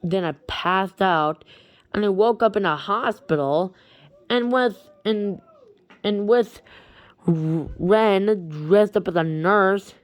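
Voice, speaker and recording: Slow, halting woman telling a story. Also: mid-range voice, dry recording. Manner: halting, with many restarts and repeated words. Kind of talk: casual rambling story retelling.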